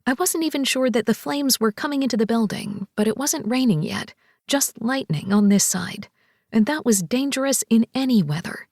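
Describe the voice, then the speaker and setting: Female first-person audiobook narrator, slightly high voice, expressive; dry close studio sound. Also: normal speed, no room sound.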